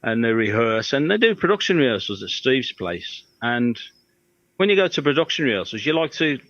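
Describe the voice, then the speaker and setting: Middle-aged guest, guitar tech, rambling anecdotes, slips into quoted voices; dry, muffled audio. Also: male voice, medium pitch, very animated, a little fast, a bit bright, no echo. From Birmingham, England. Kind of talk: casual storytelling interview. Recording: dry, slightly dull audio.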